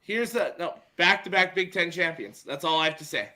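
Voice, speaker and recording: A man's voice: high voice, expressive, a little fast, over a noisy crowd. A man co-hosting a sports podcast, bantering casually and teasing the others. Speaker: podcast co-host.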